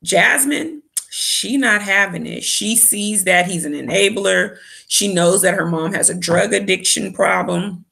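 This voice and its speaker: A woman's voice: mid-range voice, measured pace, gravelly, few pauses, sharp tone. A woman giving a candid, opinionated casual recap of a reality show as a vlogger. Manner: candid, opinionated, with quoted asides.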